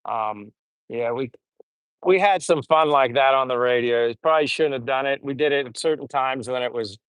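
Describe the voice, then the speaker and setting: A middle-aged American man with a plain General American accent, hosting a casual livestream and reading viewer comments in a relaxed, rambling way with many fillers. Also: medium pitch, moderate pace, smooth, dry recording. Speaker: livestream host.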